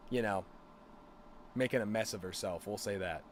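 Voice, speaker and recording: Lowish-voiced guy rambling thru a crude story on stream, like, you know what i mean. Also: moderate pace, a little hiss or hum. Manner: rambling, crude, full of fillers. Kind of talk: casual storytelling chat.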